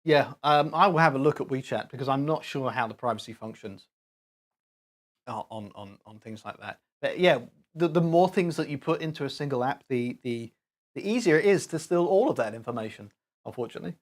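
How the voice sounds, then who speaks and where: A man's voice: medium pitch, lively intonation, brisk. A man hosting a live stream, chatting casually and rambling with chuckles while he talks to his chat.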